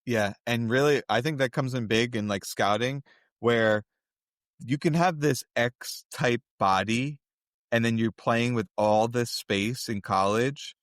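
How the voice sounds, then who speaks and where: A man's voice: mid-range voice, slow, no echo, clean studio sound. A man co-hosting a podcast, in casual chat, breaking things down in long running explanations. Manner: analytical, talks in long run-on explanations. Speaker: podcast co-host.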